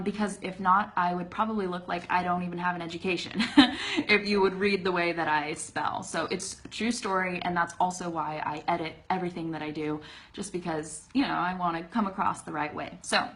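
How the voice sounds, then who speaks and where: A woman's voice: fairly low pitch, fairly bright tone. Chatty woman teaching pronunciation. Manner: talks to viewers directly, demonstrates sounds slowly, laughs easily. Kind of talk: live-streamed lesson, casual and chatty. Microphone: phone or webcam for a live video stream.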